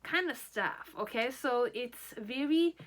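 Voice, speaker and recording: A woman's voice: fairly high pitch, lively intonation, a little slow, a bit bright. A woman giving a pick-a-card tarot reading, speaking in first person as the person being read. She rambles and hedges, often checking in with "okay?". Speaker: tarot reader.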